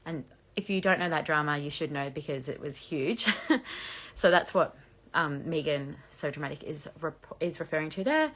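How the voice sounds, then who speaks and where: Woman, croaky low voice, fast chatty gossip livestream host. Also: animated, a bit bright. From Australia. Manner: fast-talking, chatty, laughs often. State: hoarse, losing her voice. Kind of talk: casual livestream chat reading comments. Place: bedroom at home with laundry drying.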